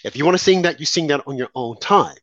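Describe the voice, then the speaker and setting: Man, fired-up sarcastic pundit, very animated delivery, dull dry audio. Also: on the high side, fast talker, no echo. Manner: indignant, sarcastic, rising to shouts. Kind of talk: heated political commentary.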